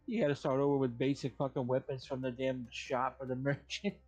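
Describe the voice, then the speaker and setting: A man's voice: medium pitch, flat delivery, brisk, darkish tone. A man on a stream casually telling gaming stories, cursing a lot and laughing often. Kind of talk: casual gaming story chat. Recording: dull lo-fi stream audio with faint music.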